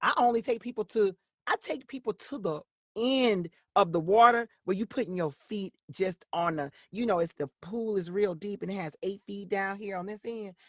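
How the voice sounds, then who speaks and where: A middle-aged woman who works as a voice-over actress and coach gives an animated interview. Her mid-range voice moves at a normal speed, and she acts out the voices she quotes. The recording is clean studio audio with no echo.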